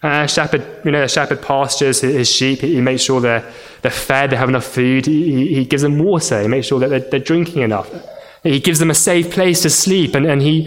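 Earnest man preaching a sermon. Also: normal speed. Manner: earnest, repeats words when restarting, rises in pitch for emphasis. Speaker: pastor.

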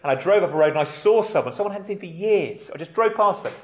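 A man's voice: high voice, lively intonation, quick pace, echoey room. A man preaching a sermon in a conversational way, with rhetorical questions and questions put to the children.

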